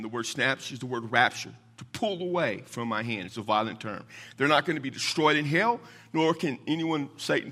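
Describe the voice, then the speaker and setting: A man preaching a sermon as a pastor, emphatic and quick with asides, asking his listeners questions and answering them himself. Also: a little high. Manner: emphatic, call-and-response questions; rapid asides, voice swings from loud to hushed.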